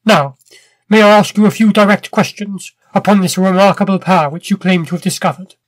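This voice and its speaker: A man's voice: high-pitched, fairly quick, no room sound. A man voicing an irascible, powerful older professor who speaks in stern, pompous commands. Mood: commanding.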